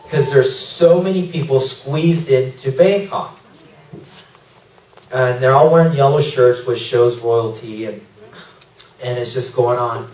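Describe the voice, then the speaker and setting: A man with a fairly high voice tells a testimony story in an animated way, laughing as he goes. He stands back from the microphone, and the room gives his words a roomy echo. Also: far from the mic. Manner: animated storytelling, laughing through emotional moments. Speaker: missionary speaker. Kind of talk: testimony talk at a fellowship. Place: church fellowship hall. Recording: echoey room, speaker away from mic.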